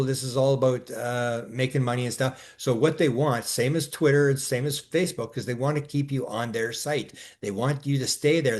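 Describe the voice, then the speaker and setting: A man co-hosting an easygoing discussion goes on in long, meandering runs, restarting and filling gaps with sounds. His pitch is medium, and he grows more animated as he relates his exchanges.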